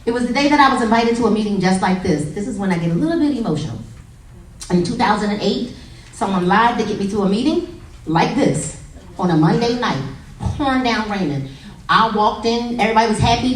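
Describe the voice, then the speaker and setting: A motivational speaker with a high, lively voice gives a brisk, animated talk to a live audience in a meeting room, telling humorous stories with acted-out quotes. The recording is echoey, her voice sounds distant, and a crowd is faintly audible.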